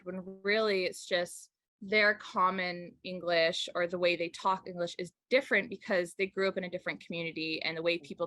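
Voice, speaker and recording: A woman's voice: fairly low pitch, pushed and bright, no room sound. A woman speaking earnestly in an interview, searching for her words. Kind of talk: thoughtful interview talk.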